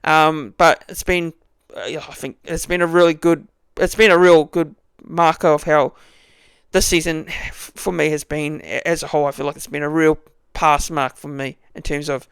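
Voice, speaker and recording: High, clear-voiced New man rambling. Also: fairly even intonation, moderate pace, a bit bright, no room sound. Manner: rambling, many restarts and "you know" fillers. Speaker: fan channel host. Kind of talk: casual fan review monologue.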